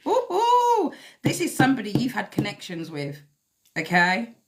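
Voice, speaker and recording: A woman's voice: mid-range voice, lively intonation, normal speed, noisy background. A woman giving a blunt, emphatic live tarot reading, swearing freely as she talks to viewers. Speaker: tarot reader.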